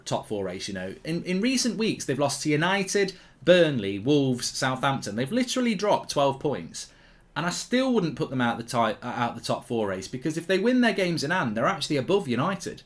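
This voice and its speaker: A man's voice: on the high side, fairly bright tone. A middle-aged man hosting a football watchalong stream, rambling casually between match reactions and blunt rants. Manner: chatty, rambling, blunt, explodes into furious ranting.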